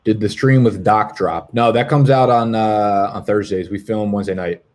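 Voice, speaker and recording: A man's voice: on the low side, fairly even intonation, moderate pace, a little mellow. A man in his twenties hosting a fantasy football live stream, chatting casually with viewers in a rambling, profane, jokey way. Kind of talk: casual live-stream chat reading comments. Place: apartment in Brooklyn.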